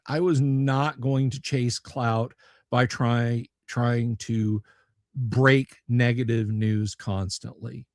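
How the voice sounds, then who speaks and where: A man's voice: mid-range voice, dry recording. A man hosting a casual live stream from a home studio, rambling and joking with viewers, with stammering restarts. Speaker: livestream host.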